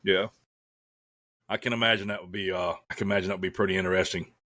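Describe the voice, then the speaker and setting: Low-voiced man, relaxed podcast host. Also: quick pace, no echo, studio quality. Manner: relaxed, asks follow-up questions, muses aloud. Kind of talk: conversational podcast interview.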